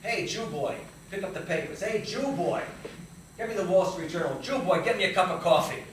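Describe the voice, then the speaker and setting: A bigoted, bullying Wall Street boss barking orders and mocking, as a man on stage acts him out. His voice rises loud and high. It sounds far off in a reverberant theater hall with background noise. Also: a little fast, close to an everyday voice. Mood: bossy, mocking. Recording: live stage, distant roomy hall.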